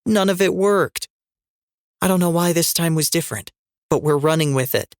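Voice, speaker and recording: Guy doing a defiant rebel woman, higher voice, cutting and sarcastic, slow, dry audiobook read. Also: dry recording, natural voice. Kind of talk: audiobook reading.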